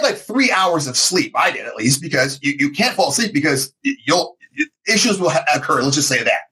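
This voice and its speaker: A middle-aged man co-hosting a casual chat, telling a story in an animated, self-mocking way and acting out the quotes. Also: a little high, breathy edge. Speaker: podcast co-host.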